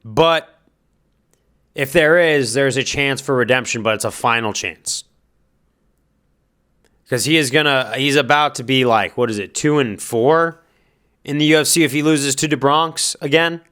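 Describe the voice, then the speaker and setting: Smooth-voiced man musing on fights. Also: medium pitch, a little slow, long pauses, fairly bright tone. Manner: speculative, hedging, thinking aloud; addresses fighter directly with advice. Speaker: fight commentary vlogger. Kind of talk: casual spoken commentary.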